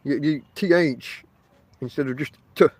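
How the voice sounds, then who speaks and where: Sitting in a tent outdoors, this Northern English host from Barnsley chats his way through a loose podcast monologue aimed right at his listeners. His pitch is on the high side, his speed normal, and the recording dry. He leans on plenty of fillers.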